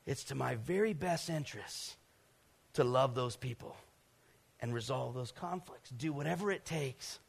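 A middle-aged man from Georgia preaching a sermon from a stage, telling animated personal stories and acting out scenes with sound effects. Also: medium pitch, a little slow, creaky, husky. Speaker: pastor. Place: stage before a live congregation.

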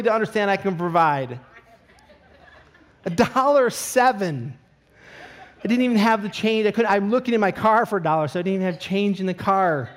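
A middle-aged man preaching a sermon, telling a comic personal story with animated asides before turning to scripture. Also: high voice. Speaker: pastor.

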